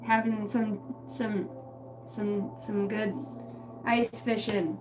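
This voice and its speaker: A woman's voice: medium pitch, steady tone, takes it slowly, darkish tone, faint music behind. Blunt, profane woman reading tarot. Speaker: tarot card reader. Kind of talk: casual livestream reading.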